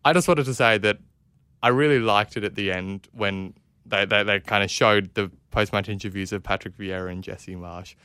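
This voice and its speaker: A man's voice: on the low side, moderate pace, sharp tone, clear, resonant tone, dry recording, studio quality. A man co-hosting a casual football podcast, wry and self-mocking, rambling a little as he talks. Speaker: podcast co-host.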